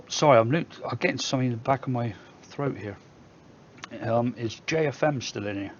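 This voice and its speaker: A man's voice: medium pitch, normal speed, gravelly, dull audio, slight background noise. A man with a Somerset English accent, hosting a casual live stream where he reads viewer comments aloud and jokes back at them. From England.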